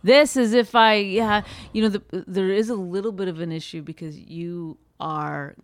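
A woman co-hosting a comedy podcast, bickering and laughing with quick comebacks in a low voice she says can sound like a man's. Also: steady tone, dry recording. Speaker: podcast co-host. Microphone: studio microphone.

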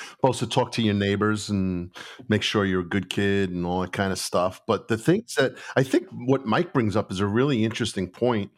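A man, a retired police officer talking earnestly and with firm opinions. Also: on the low side. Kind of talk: reflective conversation.

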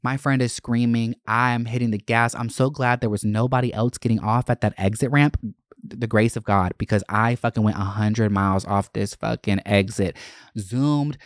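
A man hosts his own podcast and tells a story in a dramatic, foul-mouthed way. He throws his voice sharply upward for emphasis, in a middle-pitched register. The sound is dry and close. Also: dry recording. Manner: animated, profane, dramatic storytelling. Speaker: podcast host. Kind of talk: casual solo monologue.

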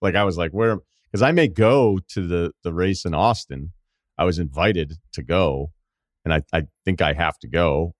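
A man's voice: low voice, normal speed, no echo. A man hosting a sports podcast, chatting casually and rambling with self-deprecating asides into a studio microphone. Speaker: podcast host.

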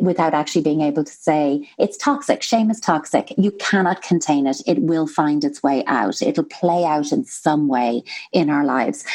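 Woman, animated expert explaining. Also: low-pitched. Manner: animated, mimics voices when quoting. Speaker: psychotherapist guest. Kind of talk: expert conversation on a podcast.

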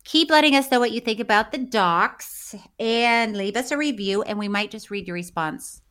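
A woman's voice: a little high, normal speed, a bit bright, clean tone. A woman co-hosting a podcast, chatting casually, laughing often and reading listener letters aloud. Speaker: podcast co-host. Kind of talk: casual chat.

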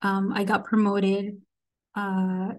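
A woman's voice: mid-range voice, slow. A woman in her forties, a podcast guest, telling stories casually and acting out the people she quotes. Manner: animated, quotes people in acted voices. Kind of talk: casual storytelling interview.

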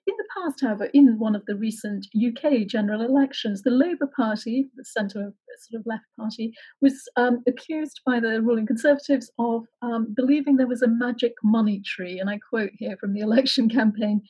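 A woman interview host who sets up long, carefully framed questions in a measured way. Her voice sits a bit high and has a soft, breathy quality. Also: low-quality recording.

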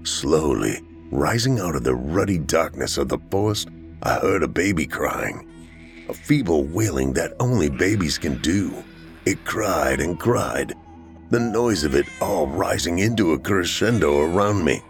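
A man narrates a first-person horror tale from a script, acting out each fearful moment. His voice sits low but moves with lively swings, and faint music plays under him. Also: a little slow. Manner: dramatic, acts out frightened lines.

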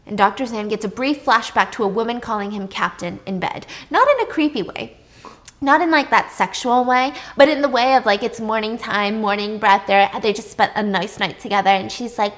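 A woman's voice: medium pitch, normal speed. A woman retelling a plot in a casual, chatty way, full of asides. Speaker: plot recapper. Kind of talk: casual storytelling recap.

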